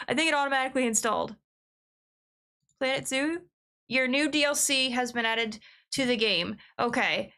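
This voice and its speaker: A young woman streaming a game, chatting in a rambling, excitable way and laughing often. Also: high-pitched, normal speed. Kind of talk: casual livestream chat.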